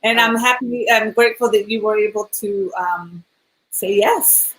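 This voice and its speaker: A woman's voice: medium pitch, normal speed, fairly bright tone, low-quality recording. A woman co-hosting a casual interview show, chatty and laughing often. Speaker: talk show co-host. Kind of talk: casual video-call interview.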